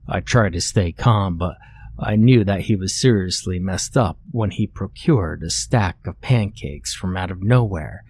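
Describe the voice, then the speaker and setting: A man narrating a scripted horror-comedy story in a deadpan, matter-of-fact way. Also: fairly low pitch, a little hiss or hum.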